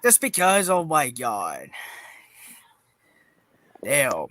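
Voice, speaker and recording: A man's voice: medium pitch, huge pitch swings, very slow, bright, forceful tone, slight background noise. A man chatting as a guest on a livestream, laid-back and rambling. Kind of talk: casual livestream chat.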